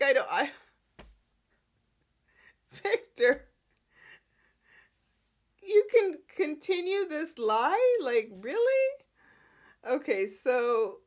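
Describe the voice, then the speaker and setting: A woman hosting a podcast and recapping a soap opera in casual, animated chat with frequent giggles. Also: medium pitch. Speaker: podcast host.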